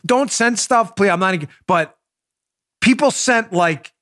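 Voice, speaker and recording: A middle-aged man from New York delivers heated political commentary in a fairly high voice. He stacks sarcastic rhetorical questions with indignant force. At times he turns soft and confiding with his listeners. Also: slow pace. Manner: swings to soft, confiding asides. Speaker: podcast host.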